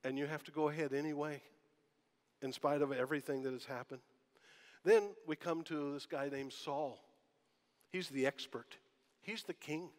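A man's voice: fairly high pitch, normal speed, long pauses. A man preaching a sermon as pastor, talking in a conversational way and asking the congregation rhetorical questions. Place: church sanctuary. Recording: long church hall reverb.

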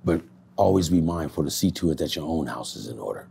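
A man in a candid street interview, speaking in a low-key, reflective way and swearing freely. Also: lively intonation, fast talker, creaky, mellow, slight background noise.

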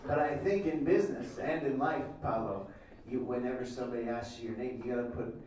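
A man's voice: mid-range voice, background noise. Teasing male comedian in a roomy hall. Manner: teasing, playful, quick banter with audience members. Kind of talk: improvised crowd work. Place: event hall with a laughing audience. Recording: roomy, distant mic with loud crowd laughter.

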